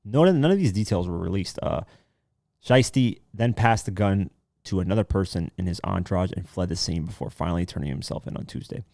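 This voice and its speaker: A low-pitched man talks through the day's news on his podcast. He reads the headlines, then slips into loose, casual commentary with offhand asides and the odd curse. The sound is dry and close, with no room around it. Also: expressive, a little fast, creaky, dark tone, dry recording. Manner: swears casually. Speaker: podcast host.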